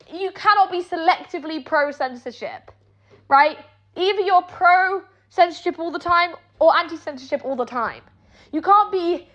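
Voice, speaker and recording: High-voiced British woman ranting angrily. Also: fairly bright tone, muffled recording. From Britain. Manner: heated, sarcastic, heavy swearing. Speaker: online personality. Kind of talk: angry streamed rant.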